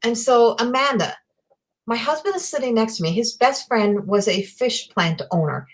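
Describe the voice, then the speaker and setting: A middle-aged woman, giving a live psychic reading in a rambling, excitable way and swearing freely. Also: fairly high pitch, normal speed. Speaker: psychic medium.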